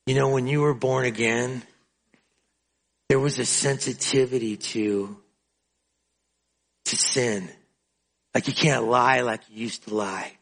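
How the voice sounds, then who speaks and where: A male preacher giving a sermon in an emotional, confessional way, often breaking into drawn-out spoken prayer. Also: medium pitch, creaky, a bit bright. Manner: emotional and confessional, praying aloud in drawn-out phrases.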